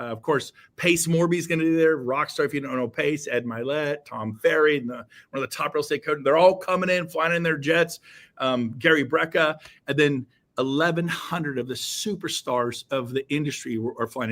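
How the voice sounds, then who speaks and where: A man speaking as a podcast guest, giving a fiery motivational talk that bursts into shouts. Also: on the high side, moderate pace. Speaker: guest, real estate coach.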